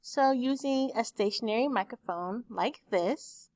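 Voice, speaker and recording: A woman speech teacher recording a lecture for her class on a desktop microphone, explaining terms slowly with examples. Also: fairly high pitch, darkish tone, no room sound. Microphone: desktop USB microphone.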